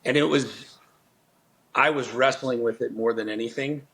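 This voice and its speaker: A man's voice: mid-range voice, fairly even intonation, moderate pace, vocal fry, a bit bright, poor audio. A middle-aged man telling a personal story as a podcast guest, earnest and intense, swearing often and restarting his sentences. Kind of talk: storytelling in conversation.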